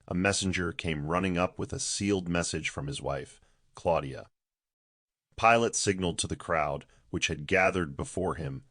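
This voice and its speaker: A man narrating a scripted religious story in a steady, solemn manner. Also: deep voice, dry recording, clean studio sound.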